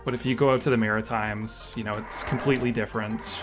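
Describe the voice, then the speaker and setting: A man's voice: lowish voice, fairly even intonation, quick pace. A man streaming a game live, chatting casually and self-deprecatingly while reacting aloud to the action and answering chat. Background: game music.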